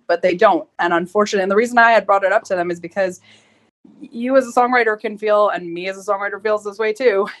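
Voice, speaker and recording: A woman moderating an online music panel, chatty and lively. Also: mid-range voice. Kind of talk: casual panel talk.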